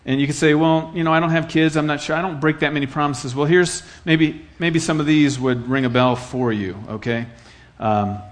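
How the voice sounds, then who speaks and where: A man's voice: fairly high pitch, little pitch movement, moderate pace, hardly any pauses. A middle-aged man from Iowa preaching a sermon in an earnest, conversational way, telling stories and repeating phrases for effect. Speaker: pastor.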